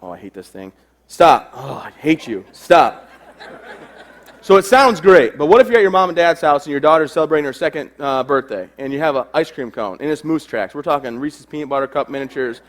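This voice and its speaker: A man's voice: on the high side, lively intonation, quick pace, hardly any pauses. Joking man speaking on stage. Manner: joking, self-deprecating storyteller. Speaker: keynote speaker. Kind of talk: humorous stage talk. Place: stage before a live audience.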